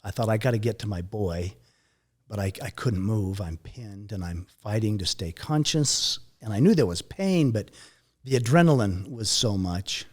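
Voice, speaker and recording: Recounting how he nearly died, a middle-aged interviewee speaks expressively, with halting delivery and repeated words. His voice sinks low and quiet at the toughest moments of this emotional story.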